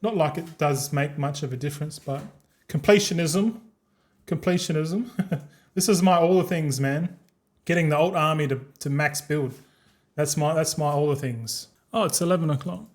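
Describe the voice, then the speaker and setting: A man's voice: fairly high pitch, moderate pace. An Australian man in his thirties chatting casually while streaming a game, rambling and swearing freely with frequent laughs.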